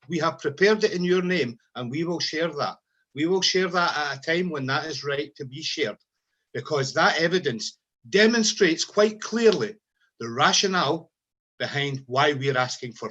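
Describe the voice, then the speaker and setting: A man's voice: high voice, fairly bright tone. A man giving an impassioned rally speech as a union speaker, repeating his phrases and firing off rhetorical questions.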